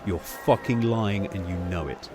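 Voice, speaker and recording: A man rants and swears his way through a casual podcast chat. His voice sits low. Music plays clearly in the background. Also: a little slow. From Cornwall, England. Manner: heated, sweary, ranting. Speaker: podcast host.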